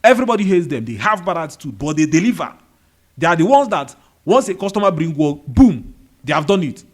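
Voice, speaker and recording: Brisk and very animated, this slightly high male voice belongs to a motivational video host with a Nigerian accent. In an indoor room with a fan on, he delivers a monologue, repeating key phrases and firing rhetorical questions.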